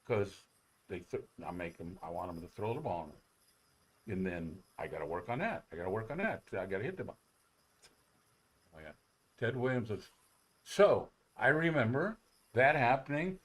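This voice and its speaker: Low-voiced man telling baseball stories. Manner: rambling, animated anecdotes with many restarts. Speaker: former ballplayer guest. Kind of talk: casual storytelling on sports talk radio.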